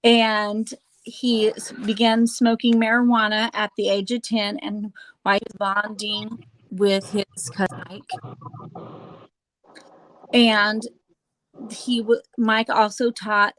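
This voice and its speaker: A woman hosting a casual true-crime chat, halting with fillers and restarts and dropping sarcastic asides. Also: mid-range voice, flat delivery, a bit bright, slight background noise, rough recording. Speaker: host.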